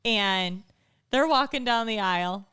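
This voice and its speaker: A woman's voice: mid-range voice, measured pace, smooth, no echo, studio quality. A woman in her thirties co-hosting a casual live podcast, telling stories with lots of giggling. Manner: giggly, animated storytelling. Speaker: podcast co-host.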